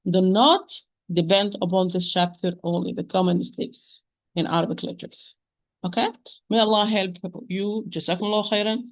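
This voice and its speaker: A woman teaching tajweed online, repeating sounds slowly and patiently, with frequent restarts. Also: fairly low pitch. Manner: hesitant restarts, addresses listeners as sisters. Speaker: Quran recitation teacher. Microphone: home computer mic on a shaky internet connection.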